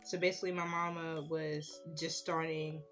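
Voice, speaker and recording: A woman's voice: sits low, normal speed, faint music behind. A young woman, chatting casually about her school years while doing her makeup. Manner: chatty, animated when retelling stories. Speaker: beauty vlogger.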